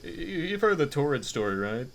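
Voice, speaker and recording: A podcast co-host chats casually and rambles through crude jokes. His pitch moves around a lot. He sounds loose and offhand. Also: very animated, quick pace, slight background noise. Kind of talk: casual chat.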